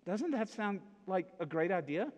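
An American pastor delivers a casual sermon in a church auditorium, joking with the congregation and frequently checking in with "okay?" and "right?". His voice is high-pitched and very animated at normal speed, with echoey hall reverb.

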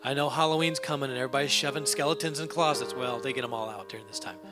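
A man preaching a sermon, telling a long joke story and addressing his congregation, sometimes rising to loud emphatic passages. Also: medium pitch, racing, music in the background. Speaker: pastor. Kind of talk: sermon with an anecdote.

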